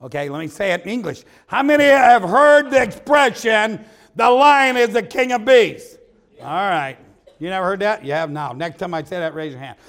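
An older man from Ohio preaches in a high, light voice. His delivery is folksy and full of amens, and he drops into low, quiet asides between louder lines. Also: lively intonation, brisk. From Ohio, USA. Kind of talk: revival sermon.

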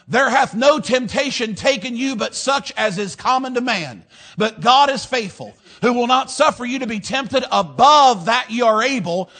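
Fiery high-voiced preacher. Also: male voice. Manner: emphatic preaching with repeated amens, swinging from loud to hushed. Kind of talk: fiery sermon.

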